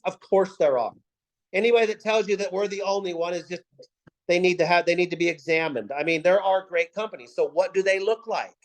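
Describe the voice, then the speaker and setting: A team leader's high voice comes through a rough recording as he gives his team a sales pep talk over video call. He speaks in punchy, emphatic rhetorical questions, repeating himself for effect.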